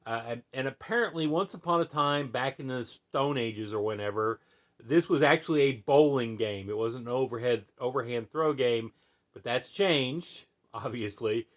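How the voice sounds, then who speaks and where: A man's voice: mid-range voice, moderate pace. An American man hosting a podcast, explaining a sport in a casual, folksy way with many fillers and "right?" asides. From United States. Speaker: podcast host.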